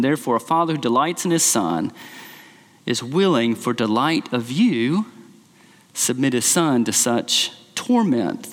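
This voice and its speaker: A man preaching a sermon as pastor, earnest and emphatic, speeding up and slowing down to stress his points. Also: long reverb tail. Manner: earnest, emphatic, varies pace and pitch widely.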